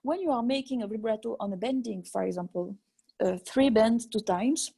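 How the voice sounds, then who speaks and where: A woman with a French accent talks over a video call in a mellow, soft-edged voice. She speaks English haltingly, stopping often and filling pauses while she hunts for words. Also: fairly high pitch, gravelly, breathy edge. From France. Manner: halting, searching for English words with many fillers. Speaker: harmonica player. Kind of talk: online interview.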